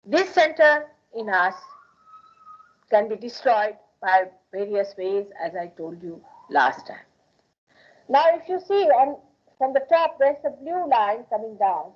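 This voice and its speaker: A woman's voice: a little high, sing-song, slow, slightly rough. A woman from India with an Indian accent, giving an emphatic public spiritual talk in a hall and repeating phrases for stress. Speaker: spiritual teacher. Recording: dull lo-fi archival 1981 recording.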